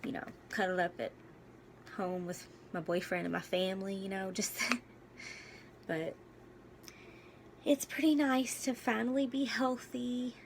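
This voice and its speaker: A young woman speaks candidly in a casual personal vlog, pausing and restarting often. Her voice is heavy with vocal fry and worn, as if she is losing it. A faint hiss of noise sits under the recording. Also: mid-range voice, little pitch movement. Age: young adult. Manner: halting, candid, with many fillers and restarts. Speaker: vlogger.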